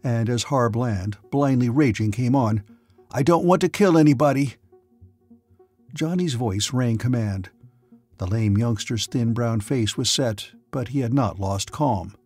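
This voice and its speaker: A man's voice: medium pitch, darkish tone, breathy edge. A man narrating a science fiction audiobook with dramatic storytelling. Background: faint music.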